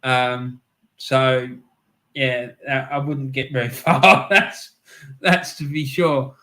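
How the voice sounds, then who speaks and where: Slow, bright-voiced man chatting. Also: medium pitch, fairly even intonation. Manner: laughs often, chatty, says "mate" a lot. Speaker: livestream host reading chat. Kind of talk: casual live-stream chat.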